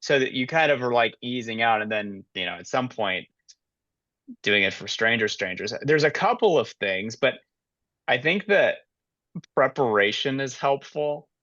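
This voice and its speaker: A man's voice: medium pitch, expressive, moderate pace, pushed and bright, no room sound, muffled recording. A man co-hosting a podcast, giving thoughtful advice in a casual way, with many fillers. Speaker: podcast co-host. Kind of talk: casual chat.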